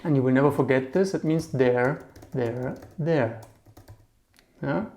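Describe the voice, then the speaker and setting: A man teaching German vocabulary in a relaxed, chatty lesson, often checking in with a quick "yeah?" while he explains words with memory tricks. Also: medium pitch.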